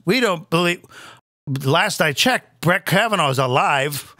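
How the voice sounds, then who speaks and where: A man's voice: fairly high pitch, lively intonation, slow pace, pauses often, sharp tone, a little hiss or hum. A man hosting a live comedic rant, crude, sarcastic and exasperated. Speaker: comedian host.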